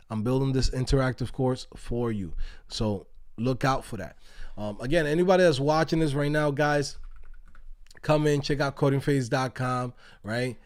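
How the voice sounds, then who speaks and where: A man, hosting a casual livestream, telling stories with lots of swearing and laughter. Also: mid-range voice. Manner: animated, profane, laughing storyteller. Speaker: livestream host. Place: outdoors.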